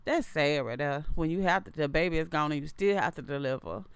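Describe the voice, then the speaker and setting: A woman's voice: low-pitched, brisk, clean tone, no echo. A woman in her thirties hosting a casual livestream, chatting loosely and reading viewer comments aloud, often repeating and restarting her phrases. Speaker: livestream host.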